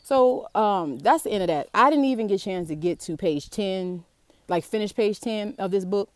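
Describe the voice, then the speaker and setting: A woman's voice: medium pitch, expressive, normal speed, no echo. A woman from the South Side of Chicago with a Chicago accent, reading and commenting outdoors in a casual, slangy way, often exclaiming in disbelief. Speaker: personal finance vlogger. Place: outdoors in the heat.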